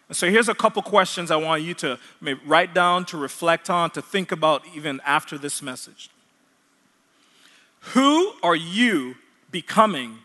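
High bright guy from jamaica preaching, says stuff twice, big echoey hall. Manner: earnest, repeats key points for emphasis. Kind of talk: sermon.

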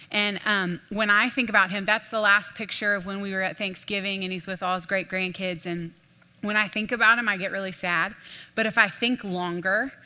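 A young adult woman preaching an animated, folksy sermon in a church, addressing the room as "y'all". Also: medium pitch. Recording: long hall reverb.

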